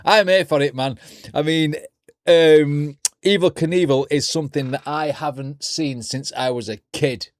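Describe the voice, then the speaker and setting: A man's voice: a little high, unhurried, no room sound. A man hosting a reaction video, chatting casually and rambling while he hunts for names.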